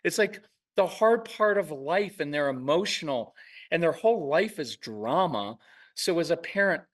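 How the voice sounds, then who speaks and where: A man talking casually in an interview, telling lively parenting stories and acting out parents and kids in quick asides. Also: a little high, far from the mic. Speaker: parenting podcast host and guest expert. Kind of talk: conversational interview.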